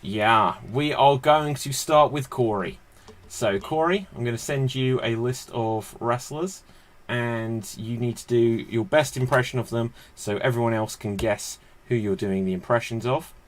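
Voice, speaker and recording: A man's voice: medium pitch, a little slow. A man hosting a live online improv comedy show over a video call, upbeat and laughing as he explains the games. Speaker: host.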